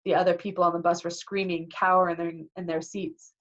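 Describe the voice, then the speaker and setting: A woman reading a novel aloud in a lively way, acting out the dialogue, on a dull lo-fi recording. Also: on the low side, quick pace. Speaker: reader.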